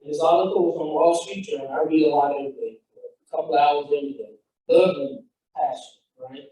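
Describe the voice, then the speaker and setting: A man's voice: fairly high pitch, fairly quick, warm tone, recorded from a distance. A man giving a fired-up motivational talk as a founder, telling a story with quoted dialogue. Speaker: founder and speaker. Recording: echoey hall, speaker off-mic.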